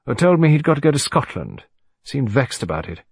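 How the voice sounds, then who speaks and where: A gruff middle-aged navy commander, as a narrator plays him, blunt and emphatic. The voice is a little husky, with lively rises and falls. Dry, close storybook recording. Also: male voice, mid-range voice, fairly quick, dry recording, exaggerated voice. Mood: recounting.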